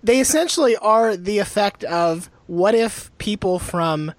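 A podcast co-host in casual chat, throwing in quick jokey interjections. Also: medium pitch, lively intonation, dry recording.

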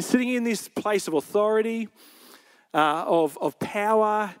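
High-voiced male pastor preaching. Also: normal speed, clean tone. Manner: conversational storytelling, retelling scripture in his own words. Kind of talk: sermon. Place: church service.

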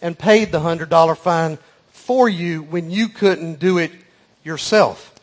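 A man's voice: on the high side, takes it slowly. A man doing a stern matter-of-fact judge. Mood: firm. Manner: firm, matter-of-fact, repetitive.

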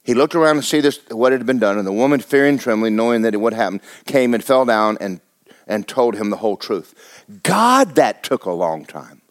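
A man's voice: medium pitch, expressive, brisk. A male pastor, preaching a sermon in a folksy, humorous way.

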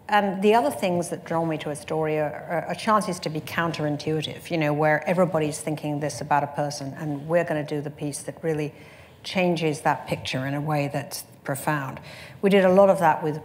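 A woman editor with a low voice shares stories in a panel conversation. She talks briskly and chattily, breaks into laughs, and has a faint hum of room noise behind her. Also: steady tone. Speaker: magazine editor.

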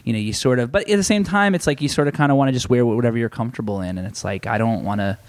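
A man's voice: mid-range voice, racing, no room sound. Young male guest, meandering casual talker, mid-range voice, dry mic. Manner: rambling, fills nearly every phrase with "like". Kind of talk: casual chat.

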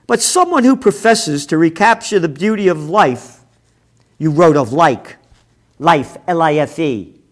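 A man hosting a forecasting show, delivering a combative, profane rant with loud bursts of shouting. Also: on the high side, expressive, unhurried. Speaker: host of a trend forecasting show. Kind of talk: ranting commentary.

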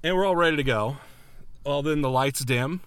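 A man telling a comedic story, animated and laughing as he acts out quotes. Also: fairly high pitch, normal speed, clear, resonant tone, no echo. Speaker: guest storyteller.

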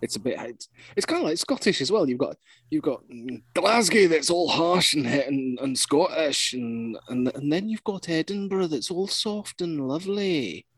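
Husky man on a dry mic. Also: fairly high pitch, animated, moderate pace, no echo. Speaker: podcast co-host. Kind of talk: casual podcast chat.

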